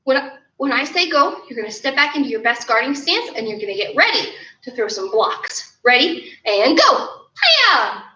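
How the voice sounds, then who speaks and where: A woman's voice: high voice, lively intonation, moderate pace, bright, forceful tone. A young woman teaching an online kids' martial arts class, upbeat and encouraging as she tells a story and calls out drills from an indoor studio. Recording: roomy, slightly dull sound.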